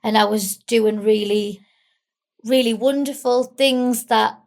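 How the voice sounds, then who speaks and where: A young woman from England, tearful, talking candidly and haltingly with small giggles in an interview. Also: on the high side, fairly even intonation, darkish tone. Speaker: guest. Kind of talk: emotional interview.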